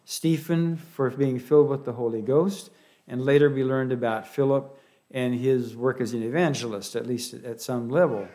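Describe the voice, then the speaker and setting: A man with a Pennsylvania Dutch accent delivering a sermon, folksy and halting, often restarting his words. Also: medium pitch, warm tone. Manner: halting, with many restarts and fillers; folksy, with light humor. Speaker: preacher.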